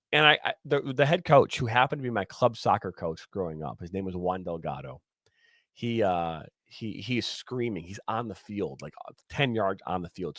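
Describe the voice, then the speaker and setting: Animated man telling referee stories. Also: mid-range voice, no echo, clean studio sound. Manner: animated storyteller acting out quotes, many restarts. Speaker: former soccer referee, podcast guest. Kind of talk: casual storytelling chat.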